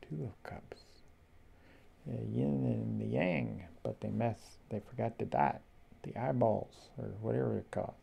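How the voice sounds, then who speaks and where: A man slowly flipping through a tarot deck, musing aloud to himself in a casual, rambling way. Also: lowish voice, steady tone, gravelly, dark tone, slightly rough. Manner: slow, musing, talks to himself. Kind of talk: casual flip-through commentary.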